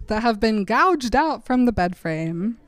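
A young woman co-hosting a podcast, recapping a story in casual chat and quoting the characters in a flat deadpan between laughs. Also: fairly high pitch, measured pace, dry recording. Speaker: podcast co-host.

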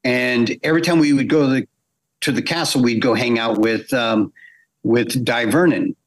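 A middle-aged man telling a long, lively anecdote as a guest in a podcast interview, acting out the voices of the people he quotes. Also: medium pitch, moderate pace. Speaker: guest animator.

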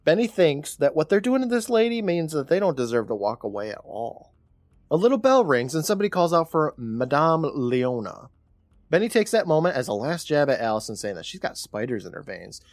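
A man chats his way through a scene-by-scene recap, his pitch bouncing all over as he quotes the characters. The sound is close and dry, with no room around it. He talks like a podcast co-host among friends. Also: big pitch swings, fairly quick, no echo. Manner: chatty retelling with quoted lines. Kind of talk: casual episode recap.

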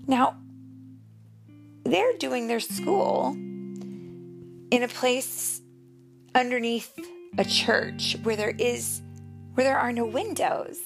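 A young mother reading a picture book aloud to her child, expressive and slow, sometimes dropping into a whisper. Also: fairly high pitch, creaky. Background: soft guitar music.

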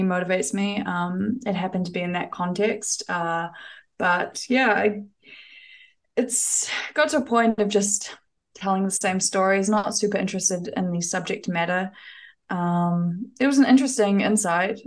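Chatty young woman with a Kiwi accent. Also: fairly low pitch. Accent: New Zealand. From New Zealand. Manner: chatty, self-deprecating, lots of fillers and restarts. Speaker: guest. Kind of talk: casual podcast interview.

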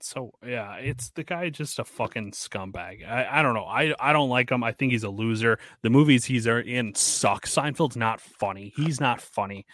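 A man's voice: mid-range voice, moderate pace, few pauses, a bit bright, dry recording, studio quality. A man co-hosting a podcast who rants bluntly and swears a lot. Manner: profane, blunt ranting. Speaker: podcast co-host. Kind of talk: casual podcast chat.

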